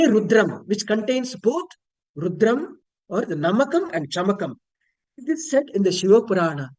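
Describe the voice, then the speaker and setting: A man speaks at a slow, deliberate pace, teaching in an online spiritual lecture. He explains patiently and chants Sanskrit words aloud to demonstrate rising and falling intonation, as heard over a video call. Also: high voice, low-quality recording. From India.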